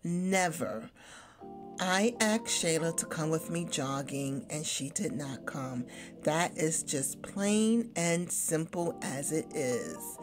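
A woman voicing a young wife who firmly defends herself, slow and emphatic. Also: sits low, lively intonation, over music, pitched below the performer's own voice. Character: grown woman, new stepmother, firm.

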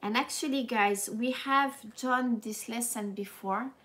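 Woman, french accent, live language teacher, unhurried, playful, laughs a lot. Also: on the high side. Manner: animated, playful, laughs often, slips into French. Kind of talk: live-streamed language lesson.

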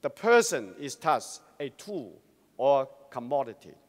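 A man giving a formal, prepared address to a Christian congress, speaking in a measured, earnest and rhetorical way. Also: medium pitch, very animated. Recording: long reverb of a large hall.

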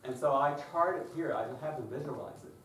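A man giving a conference workshop on children's singing, talking in a lively way and breaking into high falsetto to imitate children. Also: quick pace. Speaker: choir director and workshop presenter. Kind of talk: conference workshop talk with sung demonstrations. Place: conference room. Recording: roomy distant recording with faint noise.

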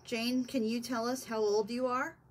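Give me a husky woman questioning spirits patiently. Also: a little high, flat delivery. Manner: slow, patient, coaxing questions. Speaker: paranormal investigator. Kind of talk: questioning spirits in a ghost hunt. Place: house basement.

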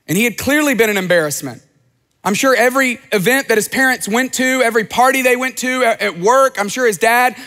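A man's voice: extremely high pitch, sharp tone. A man preaching a sermon as pastor, earnest and conversational, often repeating his phrases. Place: large church auditorium. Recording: church hall reverb.

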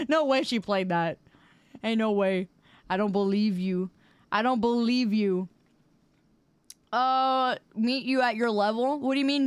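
A woman streamer bantering with her chat in a playful, sassy, mock-offended way. Her voice sits a little high and comes across smooth and clear. The sound is dry and close. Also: no echo. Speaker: live streamer. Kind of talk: casual live-stream chat with viewers while gaming.

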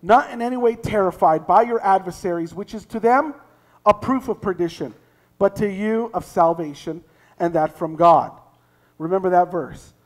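Pastor, male, very high pitch; reads verses then preaches hard, shouting at peaks. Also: normal speed. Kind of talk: sermon. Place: church sanctuary.

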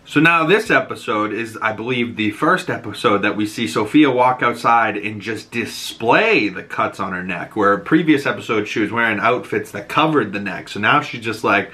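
A man hosting a podcast, recapping a TV episode in a casual, animated way, laughing and swearing often. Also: medium pitch, normal speed, few pauses. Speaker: podcast host.

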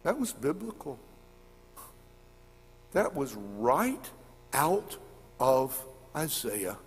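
A middle-aged man preaching a sermon, telling stories and repeating key words, swinging between emphatic high points and quiet low passages. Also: big pitch swings, very slow, pauses often, slight background noise. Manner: rises to emphatic peaks, then drops low. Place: church sanctuary. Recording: long church reverb.

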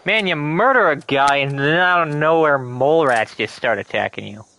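A man chatting casually and swearing while playing a co-op game, jokey and excitable. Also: fairly high pitch, moderate pace, slight background noise. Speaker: streamer playing co-op. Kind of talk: casual gaming chat.

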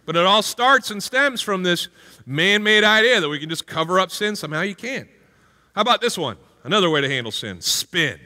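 A middle-aged pastor delivers an energetic sermon, acting out little scenes in playful voices. His voice is bright and sharp and rides up and down. Long reverb from a church hall trails behind him. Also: high-pitched, brisk. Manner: animated, jumps into playful character voices and exclamations. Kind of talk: energetic sermon with acted-out stories.

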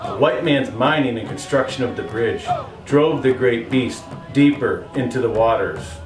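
An actor playing a solemn storyteller recounting an old lake legend. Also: male voice, mid-range voice, lively intonation, moderate pace, over music, lightly acted. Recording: roomy, far-off film sound.

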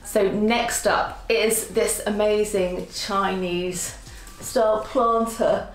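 A woman's voice: mid-range voice, fairly even intonation, slow, faint music behind. Chatty woman in an echoey room. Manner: chatty and self-deprecating, laughs often. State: out of breath from lifting. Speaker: vlogger showing a home haul. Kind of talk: casual chat to camera. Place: at home, indoors.

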